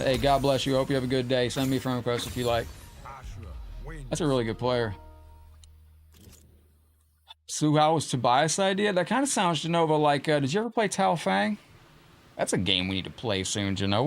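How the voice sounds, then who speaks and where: A man's voice: medium pitch, expressive, moderate pace, soft background music. Casual man streaming a fighting game. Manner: casual, chatty, greets viewers mid-match. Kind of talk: live gameplay commentary and chat.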